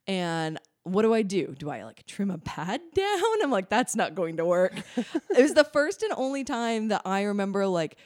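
A young adult woman co-hosting a casual podcast, her voice sitting at an ordinary middle pitch. She rambles through personal stories in a chatty way, full of "like" fillers and quick laughs. The recording is close and dry, with no room sound. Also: sing-song, darkish tone, no echo. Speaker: podcast co-host. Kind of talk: casual chat.

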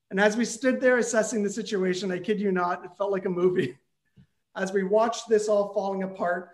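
A man telling a comic personal story, animated, building tension and bursting into shouted lines. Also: sits high.

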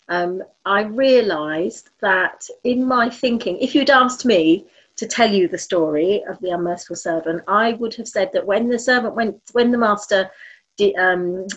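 A woman's voice: mid-range voice, fairly bright tone. A woman from the congregation sharing a thought casually, hesitant and searching for words. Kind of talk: casual remarks. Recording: dull lo-fi audio.

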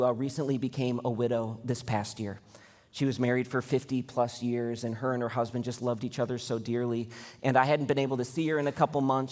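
A male pastor preaching a sermon, telling a Bible story in a casual way and briefly acting out the characters' lines. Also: fairly high pitch. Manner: storytelling, acts out quoted lines. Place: church auditorium. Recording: long hall reverb.

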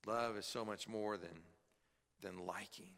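A middle-aged man preaching a sermon as pastor, earnest, swinging from emphatic high peaks to quiet low drops. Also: steady tone, unhurried. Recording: long hall reverb.

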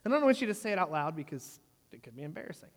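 A man's voice: high-pitched, rapid-fire. A man in his thirties preaching a sermon, telling a story with humor and often checking in with "right?". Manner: animated, jokey storyteller who asks the room "right?". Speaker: pastor. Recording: long reverb of a large hall.

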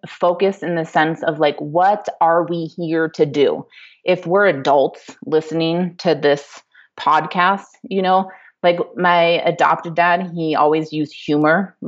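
A woman hosting a podcast, talking earnestly and casually with lots of "like" and "you know". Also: sits low. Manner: earnest and talkative, many "like" and "you know" fillers. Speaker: podcast host. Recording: slightly dull, lo-fi.

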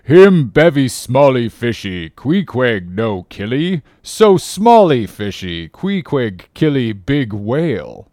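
A man voicing a calm, mildly disdainful male harpooner who speaks in broken English, slow and in a changed timbre. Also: medium pitch, no room sound, studio quality.

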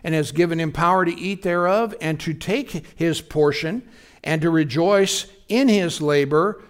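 With a clear, resonant voice pitched fairly high, this pastor speaks at a measured pace. He gives his sermon in a conversational way, often checking that the congregation is with him.

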